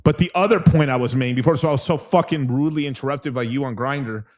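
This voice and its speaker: A young man hosting a crypto livestream in a casual, rambling chat, swearing constantly and getting excitable as he talks. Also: medium pitch, fast. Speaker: crypto stream host.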